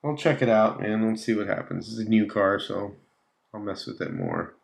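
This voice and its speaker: Livestream host, man, gravelly voice, easygoing chatter with lots of laughs. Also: lowish voice, normal speed. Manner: chatty, laughs often, trails off. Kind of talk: casual livestream chat reading comments. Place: home slot car track room.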